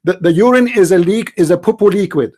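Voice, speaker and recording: A man's voice: high voice, fairly quick, a little mellow, breathy edge. A man hosting a live call-in show, talking bluntly and mockingly in broken grammar. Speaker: host of a live call-in challenge. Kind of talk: unscripted live talk.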